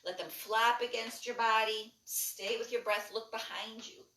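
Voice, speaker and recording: A woman instructor leading a guided breathing and movement class, giving calm, rhythmic cues that are mostly soft with brighter bursts. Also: fairly high pitch, measured pace, distant mic, slight background noise. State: lightly breathless while jumping. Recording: echoey room, voice a bit off-mic.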